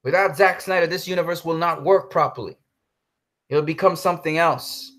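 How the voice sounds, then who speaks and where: A man's voice: a little high, normal speed, fairly bright tone. A man ranting heatedly in a commentary vlog, swearing and then apologizing for cursing. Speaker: commentary vlogger.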